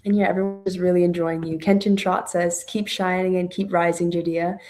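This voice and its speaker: A woman co-hosting, reading out viewer comments in a brisk, upbeat way. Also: on the low side, level tone, darkish tone, a little hiss or hum.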